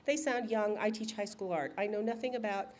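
A woman reading aloud, voicing a sharp-tongued, out-of-work art teacher who answers with quick, sarcastic retorts. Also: mid-range voice, close to an everyday voice. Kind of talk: audiobook reading.

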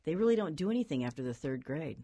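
A woman hosting a call-in radio show, taking calls in a brisk, conversational way. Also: low voice, big pitch swings, mellow, no room sound. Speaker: radio host.

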